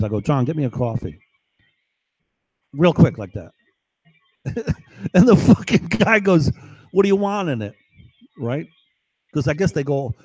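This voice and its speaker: A man's voice: medium pitch, a little mellow, no echo, poor audio. A man telling a personal story in a casual, rambling, boastful way, swearing often. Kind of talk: casual first-person account.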